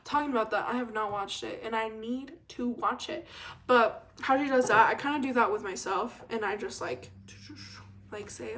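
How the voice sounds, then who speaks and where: A young woman in her twenties chats through a casual solo podcast rant. Her voice sits a little high, and she rambles in a self-deprecating way, laughing often and trailing off mid-thought. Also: normal speed, a bit bright. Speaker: podcast host.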